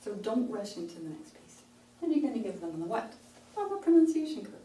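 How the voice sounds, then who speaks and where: A woman's voice: medium pitch, very animated, brisk, dark tone. Woman workshop coach, demonstrative, breaks lines into chunks; echoey room, distant mic. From Canada. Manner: demonstrative, chops phrases into short chunks. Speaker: pronunciation coach. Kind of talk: workshop talk. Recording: roomy sound from a distant mic, faint hiss.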